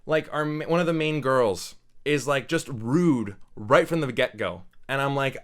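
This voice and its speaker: A man's voice: fairly high pitch, lively intonation, measured pace. A young man reviewing a film in a loose, unscripted way, blunt and opinionated, rambling through his points. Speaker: movie reviewer.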